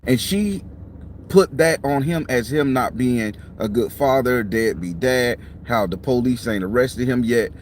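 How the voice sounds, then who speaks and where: A man's voice: medium pitch, a little slow, slight background noise. A middle-aged man, a tarot reader, talks casually and bluntly from a parked car, tired and yawning, with plenty of profanity. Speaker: tarot reader and channel host. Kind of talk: casual talk to camera. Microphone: clip-on mic.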